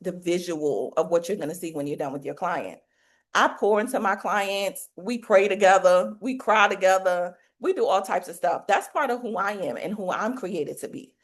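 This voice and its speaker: A woman's voice: mid-range voice, moderate pace. Preachy woman coach, folksy faith-filled talk. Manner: preachy, faith-filled, rhetorical questions, colloquial. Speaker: business coach for hairstylists.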